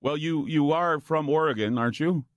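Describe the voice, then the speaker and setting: A man's voice: on the high side, moderate pace, dry recording, studio quality. A male radio host interviewing guests in a playful, teasing way.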